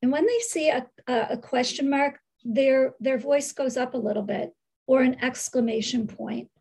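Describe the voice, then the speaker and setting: A middle-aged woman, a reading specialist, slowly explaining literacy lesson steps and reading sample sentences in careful phrases. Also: high voice, gravelly, darkish tone, husky, low-quality recording. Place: screen-share recording.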